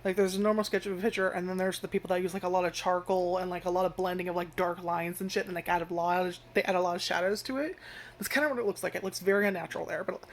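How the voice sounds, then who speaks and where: A woman with a lowish voice talks rapid-fire through her first impressions of an anime, rambling with lots of filler words and frequent swearing. She's animated and breaks into loud, acted-out reactions.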